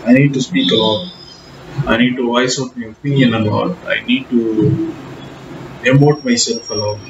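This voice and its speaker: A man's voice: mid-range voice, steady tone, normal speed, noisy background. Young man, casual self-mocking vlogger; roomy, dull lo-fi sound. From South India. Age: young adult. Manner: chatty, self-mocking, rambling. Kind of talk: casual talking-to-camera vlog. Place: alone in his bedroom. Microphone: camera. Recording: echoey room, dull lo-fi sound.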